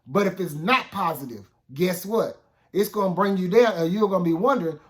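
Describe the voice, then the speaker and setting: High-voiced man preaching casually. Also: brisk. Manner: conversational, repeats "okay?" and "guess what?". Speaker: minister. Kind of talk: informal spoken sermon.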